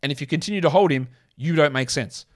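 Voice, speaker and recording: Blunt, sarcastic male sports host. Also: fairly high pitch. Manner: blunt, sarcastic, rapid-fire stat reading. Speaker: podcast host. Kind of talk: casual sports stats commentary.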